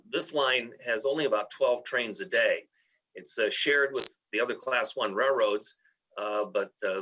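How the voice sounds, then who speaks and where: A man testifying at a hearing, explaining the details informatively with many pauses and fillers. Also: on the low side, pushed and bright. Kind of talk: answering questions in a hearing. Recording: distant from the mic.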